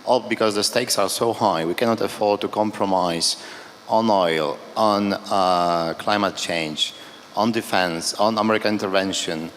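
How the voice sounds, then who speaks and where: A man's voice: lowish voice, fairly even intonation, a little slow, a bit bright. A man from Poland who asks a panel a question, searching for his words and listing points one after another, in a conference hall. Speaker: audience member asking a question. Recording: echoey hall with faint background noise.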